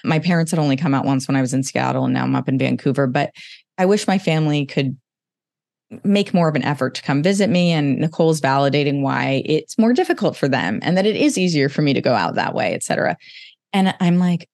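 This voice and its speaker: A podcast host in conversation, speaking candidly and emotionally, often in quick bursts. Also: mid-range voice, expressive, vocal fry, darkish tone, no room sound, studio quality.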